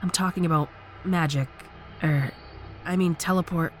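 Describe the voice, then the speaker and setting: A man voicing an excitable woman English teacher who gushes breathlessly. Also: high voice, normal speed, faint music behind, pitched above the performer's own voice. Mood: giddy. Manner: gushing, breathless.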